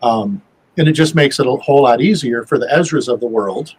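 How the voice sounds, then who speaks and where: A man with a slightly husky voice, talking as a guest in a loose, folksy way. He rambles and restarts often, sprinkling his talk with fillers. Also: mid-range voice, a little fast, low-quality recording. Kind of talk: casual chat.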